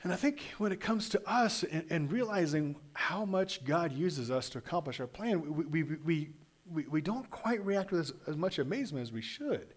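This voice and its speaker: A pastor from Kansas, USA, preaches a sermon in an animated, conversational style, frequently restarting and repeating words. His voice sits fairly high, and he keeps a moderate pace.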